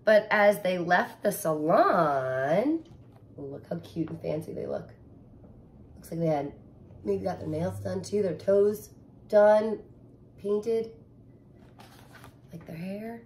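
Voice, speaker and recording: A woman's voice: on the low side, slow, long pauses, a little hiss or hum. A woman teacher reading a picture book aloud to children, adding sound effects and asking them questions.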